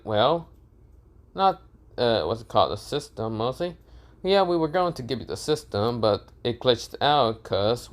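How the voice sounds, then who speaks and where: A man's voice: mid-range voice, lightly acted. A man voicing a laid-back young man who explains things in an offhand, rambling way.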